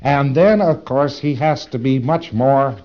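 A man's voice: mid-range voice, measured pace, dull audio. A man giving a lecture, speaking dramatically with rhetorical questions and acting out his examples. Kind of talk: recorded lecture.

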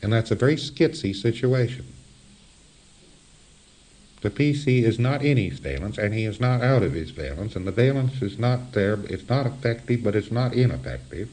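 Low dark-voiced guy lecturing, lively ups and downs, dry chuckles in between. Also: moderate pace. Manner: animated, wry, chuckling asides. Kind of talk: spoken lecture.

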